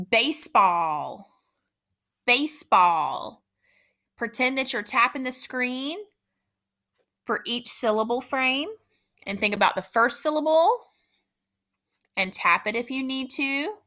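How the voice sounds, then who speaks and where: A woman teacher giving a spelling dictation lesson, speaking slowly and repeating each word with patient care. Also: fairly high pitch, sharp tone. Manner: slow, patient, repeats words carefully.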